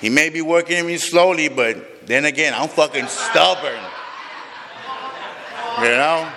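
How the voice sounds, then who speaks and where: A man's voice: on the high side, unhurried, bright, forceful tone, some chatter behind, slight background noise. A man sharing his recovery story with a group, raw and emotional, swearing often, heard in a large room. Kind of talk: personal recovery testimony to a group. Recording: long reverb of a large hall.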